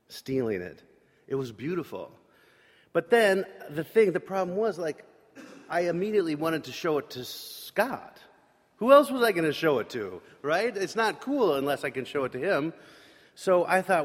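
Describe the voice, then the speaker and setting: A man's voice: a little high, lively intonation, measured pace. A man telling a candid personal story during an evening service, confessional and plain-spoken with casual fillers. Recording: long hall reverb.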